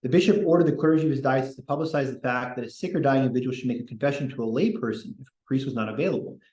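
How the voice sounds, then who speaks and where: A man's voice: medium pitch, racing, a little mellow. A man hosting a casual history podcast, reading quotes aloud with opinionated, digressive asides. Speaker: podcast host. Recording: echoey room.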